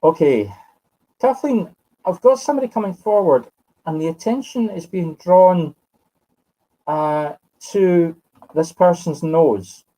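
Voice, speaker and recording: A man's voice: sits high, lively intonation, slow pace, long pauses, mellow, low-quality recording. A Scottish man in his fifties giving live spiritual readings, musing aloud and correcting himself as he addresses sitters by name. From Scotland. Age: 50s. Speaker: medium.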